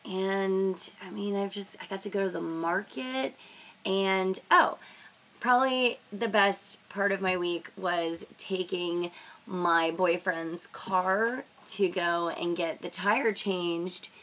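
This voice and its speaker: A woman's voice: medium pitch, fairly even intonation, slow pace, a bit bright. Scratchy-voiced young woman hosting a podcast. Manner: chatty storyteller, lots of "like" and "you know". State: scratchy voice from a sinus infection. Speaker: podcast host. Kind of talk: casual podcast chat.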